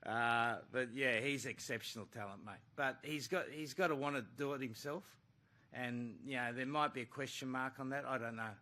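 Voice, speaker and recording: A man's voice: mid-range voice, moderate pace, bright, forceful tone. A man, a rugby coach, answering questions bluntly at a press conference and calling the questioner mate.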